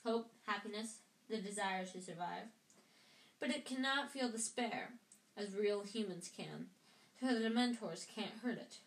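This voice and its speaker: A woman's voice: medium pitch, a little slow, lightly acted. A woman voicing a kindly male wizard teacher, explaining patiently in a home reading. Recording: roomy echo.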